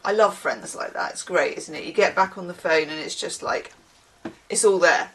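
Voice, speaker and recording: A woman's voice: lowish voice, lively intonation, moderate pace, fairly bright tone, rough recording. A woman giving a casual tarot reading, chatting in musing asides and reading card texts aloud. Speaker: tarot reader.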